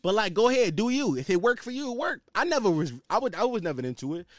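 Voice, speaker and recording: A man's voice: high voice, sing-song, quick pace, dry recording, clean studio sound. A man hosting his own podcast, ranting in a loose, slangy, casual way. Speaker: podcast host. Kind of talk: casual solo podcast rant.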